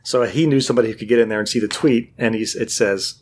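A man's voice: medium pitch, fast, hardly any pauses. Guy chatting casually, tells a long story, does voices for the quotes. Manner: animated storyteller, acts out quotes. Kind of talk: casual chat.

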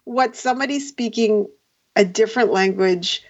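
A woman in casual podcast chat, animated and laughing a lot, often trailing off mid-thought. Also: mid-range voice, moderate pace. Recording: dull lo-fi sound.

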